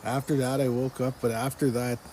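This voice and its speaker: A man's voice: medium pitch, level tone, fairly quick, warm tone, slight background noise. A man giving a personal religious testimony, earnestly retelling a dream and repeating what he was told again and again. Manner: earnest, repetitive, quotes the speaker in the dream again and again.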